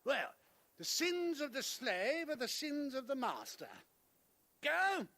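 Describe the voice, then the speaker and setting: An arrogant nobleman in a game cutscene, his voice high, bright and sweeping. He speaks slowly, dripping with haughty disdain for those beneath him. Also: big pitch swings, exaggerated voice. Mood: indignant. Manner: haughty, theatrical and indignant. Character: arrogant, pompous nobleman father. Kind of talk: video game cutscene acting.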